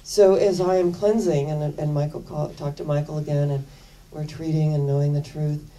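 Woman minister, low, very mellow voice, chatty storytelling sermon, a little off-mic. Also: moderate pace, distant mic, slight background noise, poor audio. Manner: chatty, animated retelling with quoted dialogue.

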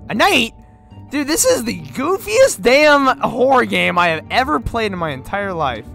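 A young man casually commenting on a horror game he plays, loud, excitable, laughing and swearing. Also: extremely high pitch, unhurried, creaky, soft background music. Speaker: gaming host. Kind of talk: let's play commentary.

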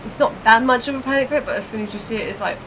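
A woman's voice: a little high, rapid-fire, noisy background. Laid-back woman joking over a game. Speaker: co-player. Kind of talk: casual gaming chat.

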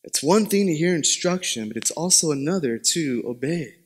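A young man preaching a sermon as pastor, telling a lively family story with self-deprecating humor and dramatic emphasis. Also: moderate pace, breathy edge. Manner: dramatic pitch swings for emphasis.

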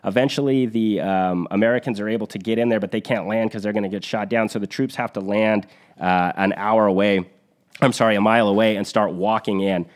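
A man's voice: on the low side, fairly even intonation, brisk. A man hosting a podcast, retelling a battle story in an earnest, vivid conversational way, with restarts and fillers. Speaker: podcast host.

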